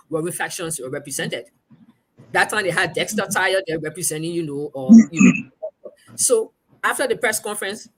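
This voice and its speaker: As a guest, a woman journalist with a Liberian English accent recounts a story in conversation, animated and acting out the voices she quotes. Her voice is lowish, and there's a little hiss or hum in the recording.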